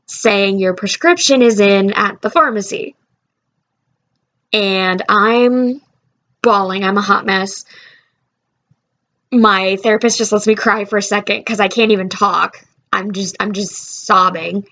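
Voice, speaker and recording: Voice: medium pitch, fairly even intonation, takes it slowly, pauses often, fairly bright tone. A young adult vlogger telling a personal story in casual, heartfelt chat, rambling with fillers and restarts.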